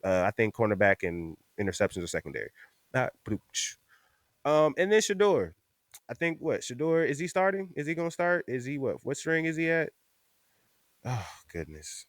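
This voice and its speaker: Man, podcast host, casual chat, animated profane rant, dry close sound. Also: mid-range voice, normal speed, no room sound.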